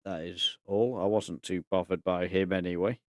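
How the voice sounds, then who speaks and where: A man casually commentating on his management game, thinking aloud in a relaxed, chatty way. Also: deep voice, moderate pace, no room sound, clean studio sound. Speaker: gaming YouTuber.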